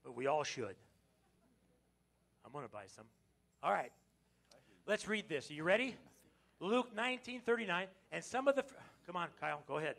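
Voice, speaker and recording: An American man preaching a lively Palm Sunday sermon in church, joking with the congregation and breaking into sudden loud exclamations. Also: fairly high pitch, normal speed, creaky, long pauses. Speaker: pastor. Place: church sanctuary.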